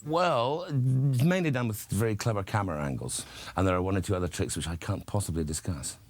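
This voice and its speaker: Low-voiced man telling wry anecdotes. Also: animated, a little fast, dry recording. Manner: wry, relishing storyteller. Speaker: actor guest. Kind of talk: casual interview anecdotes.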